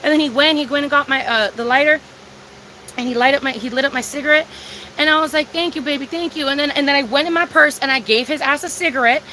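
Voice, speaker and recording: A woman's voice: high voice, quick pace, sharp tone, a little hiss or hum. A young woman talking casually from home during a livestream, emphatic and profane, answering her chat.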